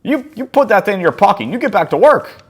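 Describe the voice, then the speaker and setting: A man voicing a grumpy, bossy old man in a wheelchair who barks curt orders in a raised, loud voice. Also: high voice, sing-song, fast talker, breathy edge, voice pushed up, heavily acted. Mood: gruff.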